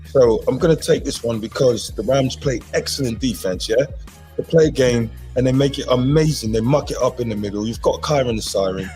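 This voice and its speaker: A man's voice: medium pitch, a little fast, darkish tone, faint music behind, close to an everyday voice. A man putting on a playful British pundit voice while making a football pick. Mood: mock confident.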